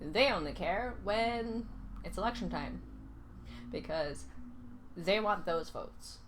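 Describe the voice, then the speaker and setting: A young woman from Canada giving casual reaction commentary, often pausing and searching for her words. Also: medium pitch, expressive, a little hiss or hum. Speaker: reaction video host.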